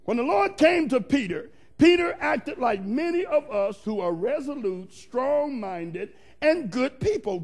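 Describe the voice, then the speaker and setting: High, gravelly-voiced male preacher. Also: animated, measured pace, hardly any pauses. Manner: emphatic, rhythmic, calls out to the congregation; repetitive, building cadence. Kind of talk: sermon.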